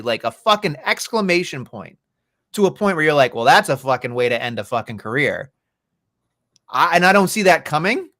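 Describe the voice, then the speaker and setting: A man's voice: high-pitched, bright, forceful tone. A man co-hosting a podcast, chatting casually about wrestling in a rambling, profane way. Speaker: podcast co-host.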